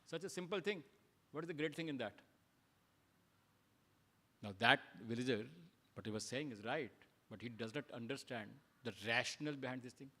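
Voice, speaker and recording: A man preaches to a temple gathering at a middle pitch. He tells little stories, poses rhetorical questions and swings between quiet asides and loud emphasis. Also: moderate pace, long pauses. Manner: storytelling, rhetorical questions, loudness rising and falling. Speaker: speaker at a temple program. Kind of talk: sermon.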